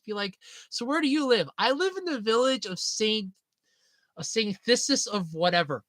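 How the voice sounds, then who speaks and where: A woman's voice: fairly high pitch, normal speed, no echo. A young woman chatting casually with viewers, telling stories and often breaking into laughter. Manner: giggly, animated storytelling with frequent laughs. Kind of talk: casual chat.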